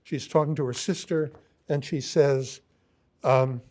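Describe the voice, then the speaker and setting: Slow, hesitant male lecturer. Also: mid-range voice, steady tone, darkish tone. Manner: halting, many ums and restarts; reads quoted lines aloud. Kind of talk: recorded philosophy lecture.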